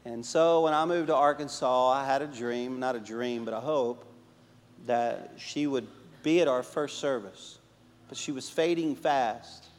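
A man who pastors a church, preaching a sermon and telling stories, swinging between emphatic and hushed delivery. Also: mid-range voice, steady tone, a little slow, in a large hall. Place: church sanctuary.

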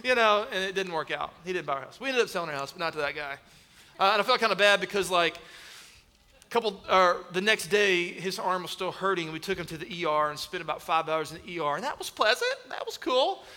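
Animated pastor preaching in a big hall. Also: male voice, high voice, brisk. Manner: animated storytelling, acts out voices and shouts. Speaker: executive pastor of student ministry. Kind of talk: sermon with humorous stories. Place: large church hall. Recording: long hall reverb.

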